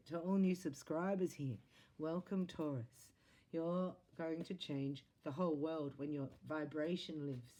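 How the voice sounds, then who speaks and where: A woman giving an earnest, encouraging tarot reading to camera, with an animated, sing-song delivery that swings widely in pitch and loudness. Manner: earnest, encouraging spiritual talk. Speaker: psychic tarot reader.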